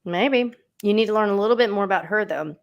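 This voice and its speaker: A woman's voice: medium pitch, quick pace, vocal fry, muffled recording. A woman hosting a livestream, telling a true-crime story in a casual, chatty way with lots of asides. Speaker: host.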